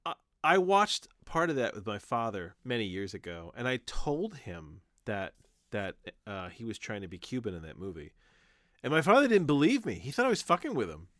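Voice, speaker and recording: A man's voice: medium pitch, normal speed, dry recording, studio quality. A man co-hosting a podcast, with no accent, chatting casually and telling stories with a laugh. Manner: animated storytelling, laughs often.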